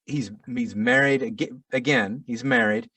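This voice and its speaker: A middle-aged man, an audiobook narrator, telling a story in a casual interview, animated and self-deprecating with frequent restarts. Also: mid-range voice, unhurried, breathy edge, no room sound, far from the mic.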